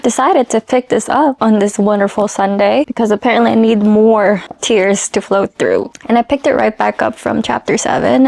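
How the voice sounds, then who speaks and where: A woman's voice: fairly high pitch, gravelly, no echo. Emotional young woman reading-vlogger. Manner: emotional, swinging between excited squeals and tearful murmurs. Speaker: book vlogger. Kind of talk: casual reading vlog.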